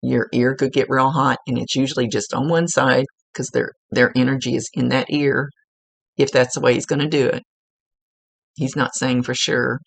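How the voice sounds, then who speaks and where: Gravelly-voiced woman giving a psychic reading. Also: extremely low pitch, steady tone, normal speed, dry recording. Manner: informal, rambling, with many fillers and restarts. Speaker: psychic medium. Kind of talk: one-on-one spiritual reading. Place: at home, seated.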